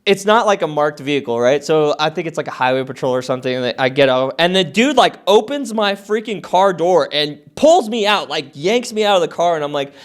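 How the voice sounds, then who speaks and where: A man in his thirties telling his story as a podcast guest, animated, swearing a lot and filling his talk with "like". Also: on the high side, brisk, hardly any pauses. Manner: many fillers like "like" and "uh". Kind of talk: casual storytelling interview.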